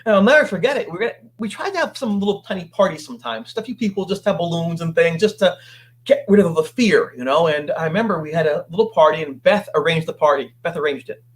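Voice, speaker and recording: A man telling his story as a guest on an interview show, animated and acting out what others said. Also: on the high side, quick pace. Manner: animated, acts out quoted voices.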